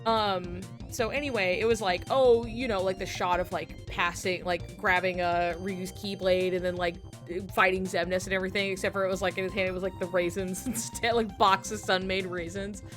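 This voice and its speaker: A woman streamer chatting while she draws, her voice at an ordinary middle pitch. She rambles through a story with plenty of "like" and "um," breaking into laughter. Faint music plays behind her. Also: fairly even intonation, normal speed, few pauses. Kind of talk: casual storytelling to stream chat. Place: home streaming setup while drawing.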